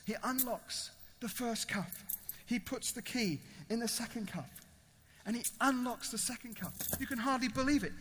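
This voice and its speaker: A man's voice: very high-pitched, bright, forceful tone. A man preaching an evangelistic sermon, telling a dramatic story straight to his listeners in a large hall. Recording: long hall reverb.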